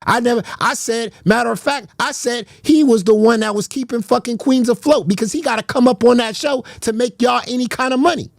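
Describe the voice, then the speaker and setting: A man's voice: very high-pitched, fairly quick, gravelly, few pauses, dry recording, clean studio sound. A man streaming a heated, profane rant, confrontational and repeating himself as he calls out rivals. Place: garage.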